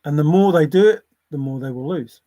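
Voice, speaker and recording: A man's voice: fairly high pitch, a little fast, warm tone, no room sound. A man hosting a casual livestream, rambling between topics, often chuckling and apologizing. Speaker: livestream host.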